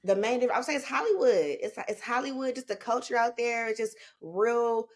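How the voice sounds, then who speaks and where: A woman's voice: on the high side, animated, brisk. A woman, a podcast guest talking in a laid-back, slangy, rambling way. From Northern California. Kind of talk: casual chat.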